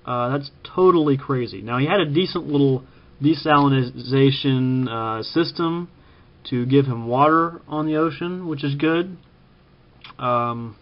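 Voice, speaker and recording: A man from Kansas giving casual spoken commentary, halting with frequent ums and self-corrections. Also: mid-range voice, muffled recording. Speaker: vlogger ranking TV preppers.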